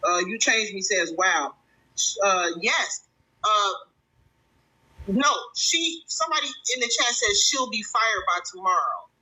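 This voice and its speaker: A woman's voice: medium pitch, expressive, a little slow, bright, forceful tone, slightly rough, rough recording. A woman hosting a livestream commentary show, reading chat and reacting with indignation, often restarting her sentences.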